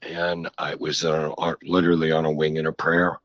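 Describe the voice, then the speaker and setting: Deep-voiced middle-aged man, slow frank interview talk, dull lo-fi sound. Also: completely flat delivery, fairly bright tone, no room sound. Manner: frank, reflective, halting with restarts. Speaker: author guest. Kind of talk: candid interview conversation. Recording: slightly dull lo-fi audio.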